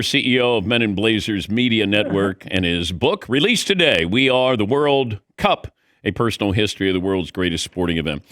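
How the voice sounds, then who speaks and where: A man's voice: mid-range voice, pushed and bright, no room sound, studio quality. A man hosting a sports talk interview in an easygoing, teasing way. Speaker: host.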